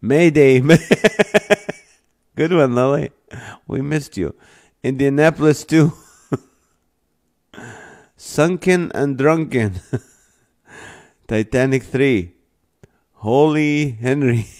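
A man reads viewer comments aloud on his live stream, unhurried and drawn out. He keeps breaking into laughter, sometimes to tears. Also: mid-range voice, darkish tone. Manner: laughs often while reading; slow, drawn-out delivery.

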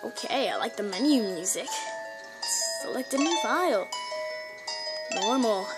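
A woman giving casual, excitable commentary while playing a video game, with frequent gasping exclamations. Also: a little high, a little slow. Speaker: gameplay video host. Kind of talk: casual let's-play commentary. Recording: loud game music underneath.

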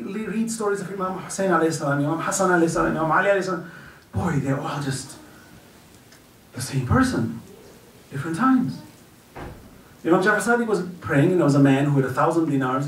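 A guest speaker gives an earnest, storytelling religious lecture at a community celebration in a community center hall. He drops low and soft whenever he quotes someone, picked up from far off in the echoey hall with slight background noise.

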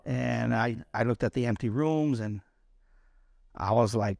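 Gravelly, blunt, profane veteran man. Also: mid-range voice, unhurried, a little mellow, no room sound, studio quality. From East Los Angeles, USA. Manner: blunt, profane, repeats words when emotional, acts out quoted voices. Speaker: interview guest, Army combat veteran. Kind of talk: candid storytelling interview.

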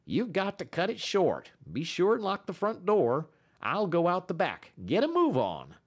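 Man voicing a frontier dog musher, rough drawl, high, loud. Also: wildly swooping pitch, measured pace, exaggerated voice. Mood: urgent.

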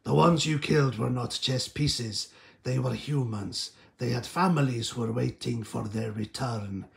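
A man putting on the voice of a slow, sinister villain reading out a statement. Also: mid-range voice, vocal fry, pitched below the performer's own voice. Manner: slow, measured, theatrical villain voice.

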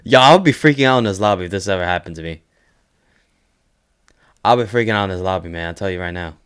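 A young man hosting a casual reaction video, excitable and swearing, full of "yo" exclamations and laughter. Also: low-pitched, quick pace, clear, resonant tone.

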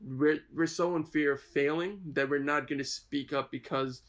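A man's voice: a little high, steady tone, normal speed, a bit bright. A male student from New York recounting experiences in a documentary interview, with a conversational style full of fillers. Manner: conversational, uses many fillers.

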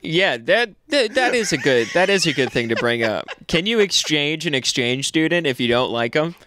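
A man's voice: a little high, sing-song, moderate pace, bright, forceful tone, slight background noise. Young man riffing on a podcast. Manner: riffing, crude, laughs often. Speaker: podcast co-host. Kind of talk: casual comedic chat.

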